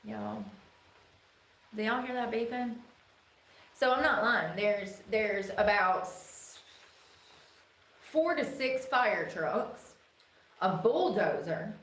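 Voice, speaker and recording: A woman's voice: mid-range voice, fairly bright tone. Southern nc woman w/ a twang just rambling on her stream, cusses a lot, echoey room. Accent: North Carolina Southern twang. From North Carolina. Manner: rambling, chatty, swears freely. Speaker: livestreamer. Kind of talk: casual livestream chat. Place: indoors at home.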